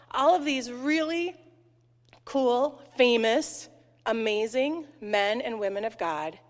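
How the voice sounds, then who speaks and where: A woman in her forties leads the children's message, her voice sitting a little high. She talks in a lively way, keeps asking the kids questions, and the sanctuary's long reverb rings behind her. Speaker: children's message leader in church. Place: church sanctuary.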